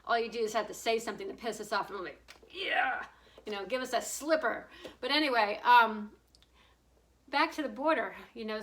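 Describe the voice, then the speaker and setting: A middle-aged woman talks off the cuff, blunt and meandering, dropping curses and breaking into laughs as she goes. Her voice sits at an ordinary middle pitch for a woman, and she speaks like someone venting to a camera rather than reading a script. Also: fairly bright tone, low-quality recording. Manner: blunt, rambling, swearing, laughing often. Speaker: political commentator. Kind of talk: casual opinion monologue.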